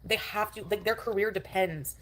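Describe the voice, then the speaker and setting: A woman's voice: medium pitch, normal speed, a little hiss or hum. A woman chatting casually on a livestream, rambling and defensive, with many fillers.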